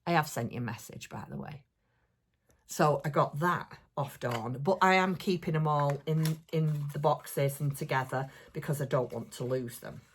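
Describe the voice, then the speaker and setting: A woman chatting casually in a crafting vlog, gushing and excitable as she rambles over gifts she has received. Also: sits low, moderate pace, slight background noise. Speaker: crafting vlogger. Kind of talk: casual chatty show-and-tell.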